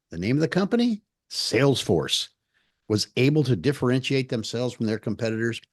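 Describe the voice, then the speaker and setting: This podcast co-host, a man with a mid-range, darkish voice, walks through a sales example on a small business show. He keeps it casual with small slips, and the studio sound is clean with no echo.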